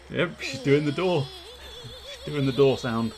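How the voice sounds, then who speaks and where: A man giving casual, joking commentary over a game, often laughing and reading the dialogue aloud. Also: medium pitch. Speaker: game let's-play commentator. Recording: game music behind.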